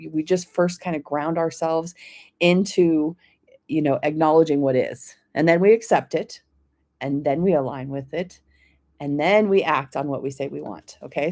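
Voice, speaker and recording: A woman hosting a live stream, reading oracle cards for viewers by name in a gentle, encouraging way and often checking in with "okay?". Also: deep voice. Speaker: oracle card reader, host of a weekly live stream.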